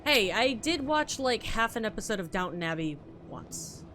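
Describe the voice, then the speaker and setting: A woman's voice: fairly high pitch, very animated, normal speed, fairly bright tone, a little hiss or hum. A woman streamer giving casual, joking gameplay commentary and swearing now and then.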